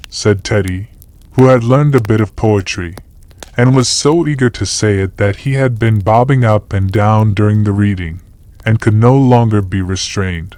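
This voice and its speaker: A man narrating a classic novel as an audiobook in a measured storytelling manner. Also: lowish voice, darkish tone, no room sound.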